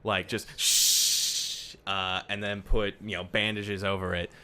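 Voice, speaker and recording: Low voiced guy running a tabletop game, lots of uhs and likes. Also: flat delivery, takes it slowly, bright, forceful tone. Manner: hesitant, filler-heavy narration. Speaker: game master.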